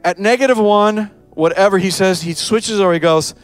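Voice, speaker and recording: A male pastor with a high-pitched voice preaches with lively energy. He jumps into quick character voices to make his point. Soft music plays faintly behind him. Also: no room sound. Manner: animated preaching, acts out voices of parents, children and Jesus. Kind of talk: sermon.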